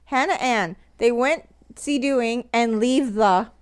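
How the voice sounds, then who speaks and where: Giggly high-voiced woman chatting. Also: slow pace, clear, resonant tone. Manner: giggly, chatty, animated storytelling. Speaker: podcast co-host. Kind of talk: casual chat recapping a TV show.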